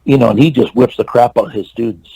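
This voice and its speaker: This California man, in his sixties, has a gravelly, husky, dark voice of medium pitch with fairly even intonation, talking fast on poor audio. As an interview guest, he tells a lengthy story, performing the dialogue with lots of fillers and restarts.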